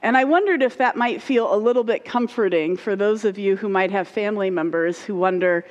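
A woman's voice: medium pitch, fairly quick, hardly any pauses. Woman pastor in an echoing hall. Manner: conversational, uses fillers like right and like. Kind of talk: sermon teaching. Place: church sanctuary. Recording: muffled sound with long hall reverb.

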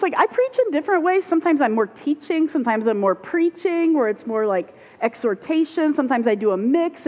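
A woman pastor giving a conversational sermon to her congregation. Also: a little high. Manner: conversational, uses fillers like right and like. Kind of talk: sermon teaching. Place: church sanctuary. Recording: muffled sound with long hall reverb.

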